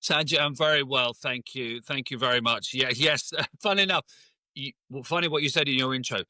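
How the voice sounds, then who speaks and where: A man's voice: mid-range voice, brisk, no room sound. A man in his fifties, a sports presenter and podcast guest, telling stories in casual chat and acting out the voices of people he quotes. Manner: animated storyteller, acts out quoted exchanges.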